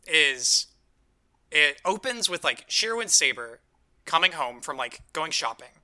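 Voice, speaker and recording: A man's voice: fairly high pitch, sing-song, sharp tone. A man co-hosting a podcast, retelling a story in casual chat full of "like" and quoted lines. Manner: rapid, filler-heavy retelling with quoted voices. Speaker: podcast co-host.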